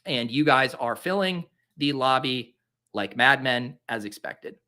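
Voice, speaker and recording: With lively intonation and a measured pace, the young male host sounds bright and forceful in a mid-range voice. Casually commenting on his own fantasy football draft, he lays on exasperated self-mockery for dramatic effect.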